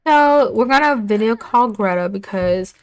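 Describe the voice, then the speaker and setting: A woman's voice: fairly high pitch, lively intonation, measured pace. A young woman giving casual commentary as she plays a life-sim game, chatting along and speaking her characters' lines in her own voice. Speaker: let's play gamer.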